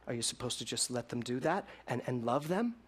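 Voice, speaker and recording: A man preaching a sermon to a congregation, swinging between loud emphatic lines and hushed ones. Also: mid-range voice, lively intonation, a little fast, slightly rough. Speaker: minister.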